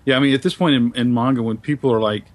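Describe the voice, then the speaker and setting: A man on a podcast panel, speaking thoughtfully and hesitantly with many pauses and ums. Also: mid-range voice, fairly even intonation. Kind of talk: casual panel discussion.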